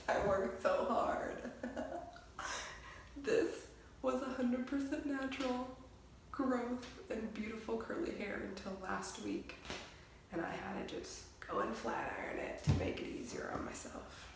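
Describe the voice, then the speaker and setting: A woman's voice: mid-range voice, flat delivery, unhurried. Woman vlogger, casual chat, self-mocking with nervous laughter; echoey room, noisy background. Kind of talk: casual vlog chat to camera.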